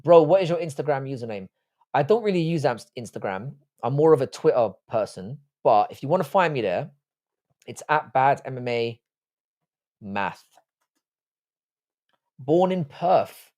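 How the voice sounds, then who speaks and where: A man's voice: mid-range voice, animated, unhurried, long pauses, darkish tone. A man in his forties hosting a live stream, answering viewer chat in casual, blunt, profane, joking banter. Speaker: livestream host.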